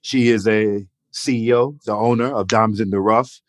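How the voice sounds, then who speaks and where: A man co-hosting a podcast in an easy, heartfelt way, often tossing in "you know" and "man". His voice sits on the lower side. The sound is dry and close. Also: fairly even intonation, normal speed, no room sound. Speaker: podcast co-host. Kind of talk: casual podcast chat.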